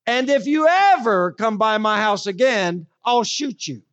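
A woman preacher putting on the voice of an angry wife shouting threats down the phone. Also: on the high side, lively intonation, measured pace, dull audio. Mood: furious.

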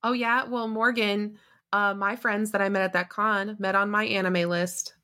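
A woman's voice: mid-range voice, little pitch movement, normal speed, bright, forceful tone. A woman on a podcast who chats cheerfully and giggles along with the others. Her delivery is easygoing and conversational. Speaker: podcast co-host. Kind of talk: casual chat.

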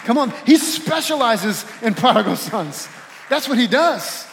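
Guy preaching a sermon in a church, high voice, long echoey hall sound. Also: very animated, measured pace, fairly bright tone, some chatter behind, slight background noise. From Louisiana. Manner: preacherly, calls out to the congregation. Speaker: pastor. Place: church sanctuary.

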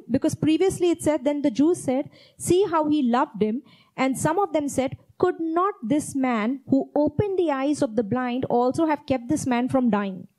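A woman's voice: high-pitched, dark tone, low-quality recording. A woman preaching a sermon, reading Bible verses aloud and repeating key phrases with earnest emphasis. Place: church.

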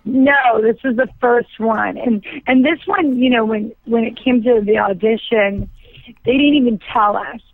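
A woman's voice: fairly high pitch, measured pace. Chatty woman on a tinny phone line. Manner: rambling, chatty, full of fillers. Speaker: actor guest. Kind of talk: casual interview chat.

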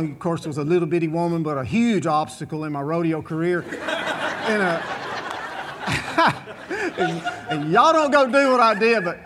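High-voiced man telling a tale. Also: slight background noise. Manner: animated, folksy, rambling with asides. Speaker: storyteller. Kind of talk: comic storytelling to a live audience.

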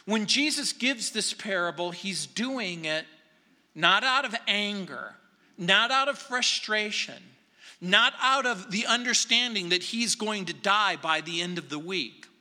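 Slow, bright-voiced preaching man in a hall. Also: high-pitched, animated. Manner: earnest, emphatic preaching with dramatic pauses. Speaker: pastor. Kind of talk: verse-by-verse sermon. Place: church sanctuary. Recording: echoey hall reverb.

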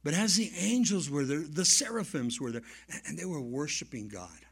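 A male pastor preaching a sermon and telling stories, swinging from soft asides to loud emphasis. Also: fairly high pitch, normal speed, gravelly, breathy edge. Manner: animated storyteller, swings between soft and loud. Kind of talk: sermon with storytelling.

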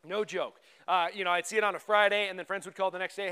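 A man in his forties preaching a sermon in a church, animated and conversational, full of rhetorical questions. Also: high-pitched, fast, clean tone. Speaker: pastor. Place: church sanctuary.

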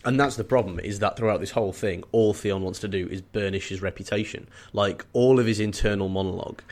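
Young male co-host, low voice, dry humor, opinionated, casual. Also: fast talker, a little mellow. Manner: wry, opinionated, jokey asides. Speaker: podcast co-host. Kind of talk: casual book discussion.

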